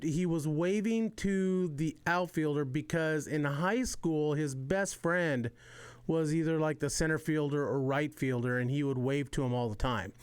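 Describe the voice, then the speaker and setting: Easygoing guy host, says "you know" a lot, smooth resonant voice. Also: a little high, dry recording. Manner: relaxed, leans on "you know". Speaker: podcast host. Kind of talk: casual chat.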